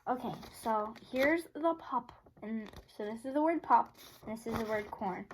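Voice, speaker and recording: Eager student with faint background noise. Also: female voice, a little high, normal speed, poor audio.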